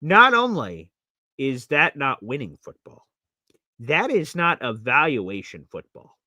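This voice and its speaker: A man hosting a live sports reaction show, talking bluntly and with lots of opinion, now excited, now muttering. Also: mid-range voice, takes it slowly, dry recording, studio quality.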